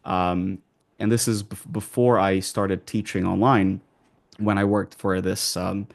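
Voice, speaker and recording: A man's voice: low voice, level tone, a little slow, creaky. A man with an American accent, working as an accent coach, answering interview questions in a loose, conversational way full of fillers and restarts.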